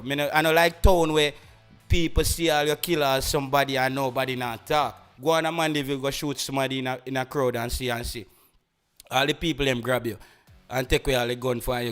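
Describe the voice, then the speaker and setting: A young Jamaican man with a rural country accent hosts a podcast, chatting casually in a medium-pitched, slightly bright voice. He rambles, restarts often, and switches back and forth between patois and English.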